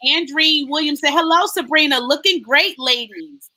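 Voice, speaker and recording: A high-pitched woman hosts a live stream and reads viewer comments aloud. Her tone is bright and clear, and she greets each viewer in a lively, sing-song way. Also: normal speed, poor audio. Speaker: host.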